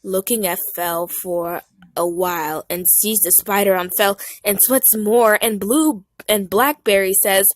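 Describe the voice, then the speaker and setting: A young woman casually reading out a fan story, with giggly, lively asides. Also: medium pitch, unhurried, no room sound.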